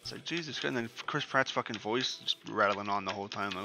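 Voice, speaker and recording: A man's voice: fairly low pitch, expressive, normal speed, vocal fry, sharp tone. A young man giving casual, profane commentary over a game he is playing, rambling and ranting as he goes. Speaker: gaming streamer.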